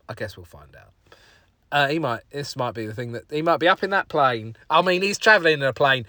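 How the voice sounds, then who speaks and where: A man's voice: on the high side, animated, fairly quick, sharp tone, dry recording, clean studio sound. A man hosting a podcast on his own, chatting in a rambling, self-deprecating way and swearing casually. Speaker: podcast host. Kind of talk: casual solo podcast chat.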